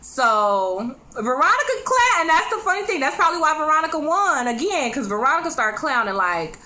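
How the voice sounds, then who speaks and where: A woman's voice: high-pitched, sing-song, fairly quick, pushed and bright. A woman giving a casual, chatty recap of a TV drama episode, talking straight to her viewers and acting out the characters' lines. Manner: chatty, conversational, acts out quoted lines. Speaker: TV show reviewer.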